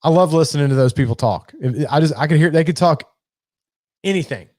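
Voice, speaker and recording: A man with a Southern US accent, co-hosting a podcast in relaxed casual chat, swearing freely and laughing often. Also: on the high side, a little fast, no echo, clean studio sound. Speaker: podcast co-host.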